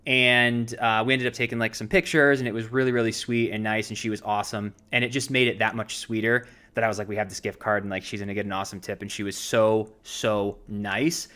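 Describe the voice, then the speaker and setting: This podcast co-host, an actor in his thirties, rambles through a long anecdote in casual chat, animated and loaded with fillers. His low-leaning voice has a clean tone, and he moves fairly quickly with hardly any pauses.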